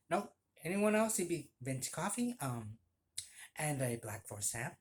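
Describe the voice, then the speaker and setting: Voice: medium pitch, very animated, normal speed. A former barista telling a story in a chatty, gossipy way, laughing often and swearing casually.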